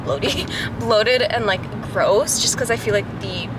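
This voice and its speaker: A woman's voice: mid-range voice, measured pace. Chatty woman vlogging over background noise. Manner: chatty, frequent "like" fillers. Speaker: travel vlogger. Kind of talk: casual vlog chat to camera. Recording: background noise, outdoors and in car.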